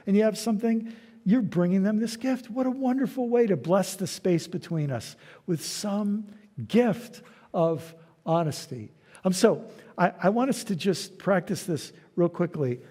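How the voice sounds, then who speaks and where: A man's voice: sits high, expressive, a little slow, mellow. A man giving a conversational church lecture, telling stories and acting out short dialogues. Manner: storytelling, acting out little dialogues. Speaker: guest lecturer. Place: large church hall. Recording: long hall reverb.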